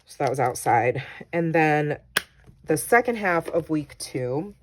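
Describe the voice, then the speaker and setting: A woman's voice: low voice, expressive, measured pace, slight background noise. A woman vlogger casually walking through her scrapbook pages, chatty and full of ums, reading her own journaling aloud. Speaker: crafting vlogger.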